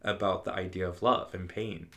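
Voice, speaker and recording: A man's voice: deep voice, steady tone, normal speed, fairly bright tone. A man in casual podcast chat, easygoing and laughing along, hedging often as he talks a film through.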